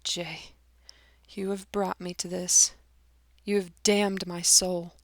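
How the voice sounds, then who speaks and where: A woman's voice: on the low side, flat delivery, takes it slowly, no room sound, studio quality. A woman voicing a dying young male student who cries out in anguish, pleading and shrieking in despair. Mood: accusing.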